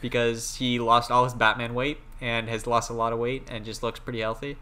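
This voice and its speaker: A young man co-hosts a casual movie podcast, his voice bright and forward. He chats animatedly, sharing trivia and acting out little mock quotes. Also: mid-range voice, level tone, brisk. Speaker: podcast co-host.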